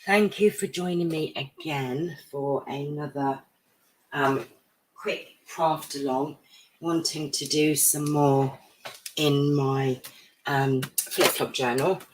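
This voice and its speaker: Low-voiced, breathless woman crafting. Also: fairly even intonation, slow pace, slight background noise, rough recording. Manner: chatty, friendly, lots of ums. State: out of breath, croaky. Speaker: craft live-streamer. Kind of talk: casual craft chat. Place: home craft desk.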